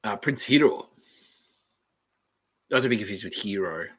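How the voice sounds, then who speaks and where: A man hosting a casual solo podcast, reading aloud from the web and thinking out loud in a rambling way, with the odd swear. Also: on the low side, lively intonation, normal speed, breathy edge. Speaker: podcast host.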